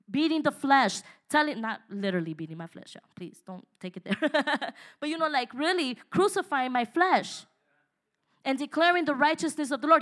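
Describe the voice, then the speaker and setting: A woman's voice: high voice, a bit bright. A woman preaching a sermon in an emphatic, exhorting way, with laughs and asides to the congregation.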